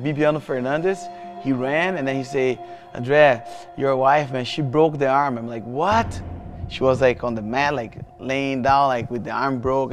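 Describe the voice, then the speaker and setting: A man in his thirties with a Brazilian Portuguese accent tells a personal story in an interview, halting and restarting, with many fillers. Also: mid-range voice. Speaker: jiu-jitsu athlete.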